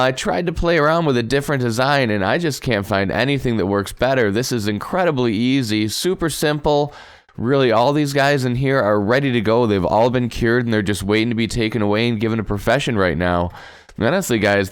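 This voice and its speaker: A man's voice: mid-range voice, smooth, no echo, studio quality. A man hosting a Minecraft let's play, swinging between mock outrage and upbeat step-by-step explaining. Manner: mock-outraged, shouting in bursts; upbeat explaining tutorial talk. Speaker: gaming video host.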